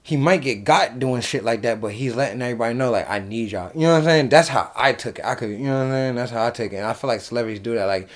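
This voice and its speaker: A young man from New Jersey hosting a casual late-night chat, rambling and animated, swearing freely. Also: mid-range voice, very fast, few pauses. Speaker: host.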